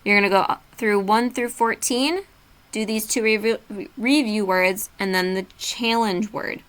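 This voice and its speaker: A patient woman teacher talks students through a worksheet in a steady, mid-pitched voice. She slows down to spell words out letter by letter and keeps her instructions simple. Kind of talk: remote classroom lesson.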